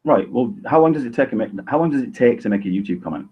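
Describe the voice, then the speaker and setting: Husky sarcastic man on a call. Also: medium pitch, lively intonation. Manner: sarcastic, measured, defensive. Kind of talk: heated online argument. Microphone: video call. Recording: lo-fi video call audio.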